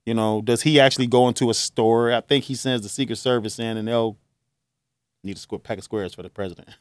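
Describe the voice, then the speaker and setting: A man's voice: medium pitch, steady tone, a little fast, no room sound. Grieving radio host, a man from Chicago. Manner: earnest, grieving, rambling with restarts. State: choked up. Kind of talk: emotional talk-show monologue.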